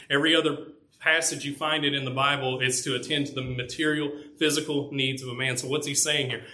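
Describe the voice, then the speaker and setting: Delivering a sermon to a congregation, a male pastor speaks with a sharp tone, earnest and emphatic. His volume rises on the key points and sinks low elsewhere.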